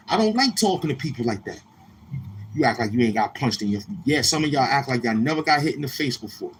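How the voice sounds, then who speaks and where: A male livestream host talks loose and streetwise. His voice sits at a middle pitch and sounds a little tired. Faint outdoor noise runs under his voice. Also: fast talker. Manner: loose, streetwise, goes from laid-back to loud and animated. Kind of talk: casual livestream talk. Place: outdoors near a street, car noise heard.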